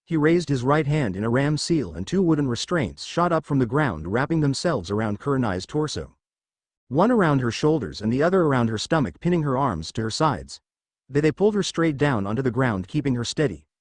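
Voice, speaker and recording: A man's voice: medium pitch, sing-song, fairly quick, no room sound. A man narrating fan fiction as a storyteller.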